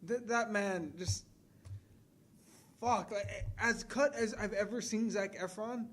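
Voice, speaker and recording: A man co-hosting a casual movie podcast, excitable and swearing freely. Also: high-pitched, slow pace. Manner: profane, excitable, swears a lot. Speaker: podcast co-host.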